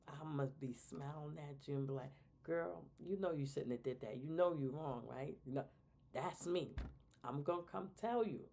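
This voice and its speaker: A middle-aged woman talks casually as a show co-host, giving advice on parenting. Her voice sits low and mellow with a gravelly edge. She animates her points by slipping into quoted voices of other people. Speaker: podcast co-host.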